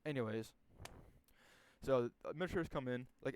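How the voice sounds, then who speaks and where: A man's voice: mid-range voice, fairly quick, darkish tone, clean tone, no echo. A young man casually telling a story from his school days, rambling and profane, with many restarts and fillers.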